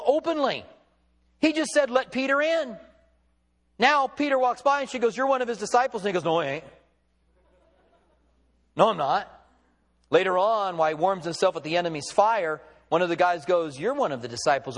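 A male pastor preaching a sermon, retelling the story with quoted dialogue in an emphatic, storytelling way. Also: high-pitched.

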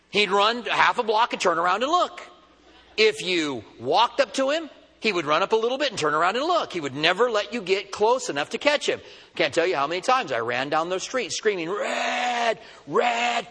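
A man preaching a sermon, telling a funny story with animated delivery. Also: sits high, long reverb tail. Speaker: pastor. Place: church.

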